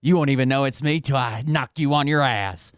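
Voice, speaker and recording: A man's voice: medium pitch, fairly quick, smooth, no room sound, studio quality. A man hosting a reaction commentary, talking casually and mocking the clips he plays with sarcasm and swearing. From Tennessee. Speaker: commentary channel host.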